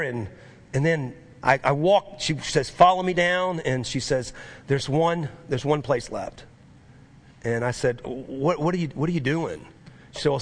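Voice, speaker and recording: A middle-aged male pastor delivers a sermon in a somewhat high voice. He tells his story conversationally, acting out the people he quotes, then builds to fervent, lively preaching.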